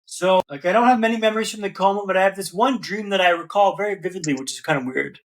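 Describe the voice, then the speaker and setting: A young man with a noticeably high voice tells his story as a podcast guest. His talk is casual and animated, and he keeps dropping in slang like "man" and "brother." The recording is a clear podcast mic. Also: fast talker.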